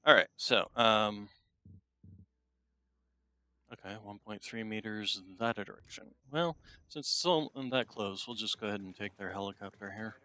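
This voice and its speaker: A man's voice: lowish voice, normal speed, sharp tone. A man streaming a shooter game, chatting casually and talking to his cat between game remarks. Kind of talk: casual gameplay commentary.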